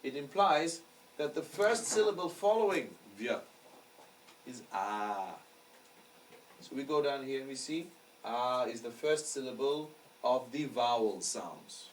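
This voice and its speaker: A man's voice: medium pitch, expressive, a little slow. A man teaching a lecture class, explaining patiently and often checking that the students follow. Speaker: astrology teacher. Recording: distant mic with faint background noise.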